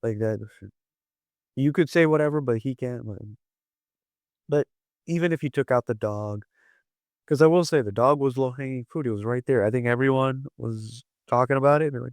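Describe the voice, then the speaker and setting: A man's voice: mid-range voice, normal speed, no echo, clean studio sound. A man giving casual commentary on his vlog, rambling with lots of fillers and restarts. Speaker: wrestling vlogger.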